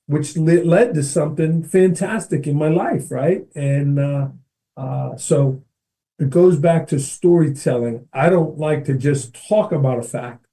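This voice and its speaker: Lively middle-aged man, mellow voice. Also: a little high. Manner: energetic, keeps checking in with "right?" and addresses the host by name. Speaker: podcast guest, educator and speaker. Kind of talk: animated storytelling in conversation.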